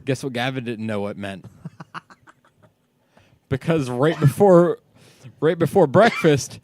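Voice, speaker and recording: A man's voice: mid-range voice, takes it slowly, a little mellow. A man from Ohio, a father, telling stories with lots of swearing and laughter in a casual podcast chat. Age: parent of young kids. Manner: profane, storytelling, laughs often. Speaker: podcast co-host.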